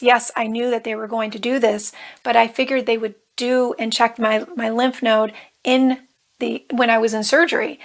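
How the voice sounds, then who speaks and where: A woman coach telling a personal story in a vlog, earnest and emotional, with a touch of nervous humor. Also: a little high. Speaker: life coach.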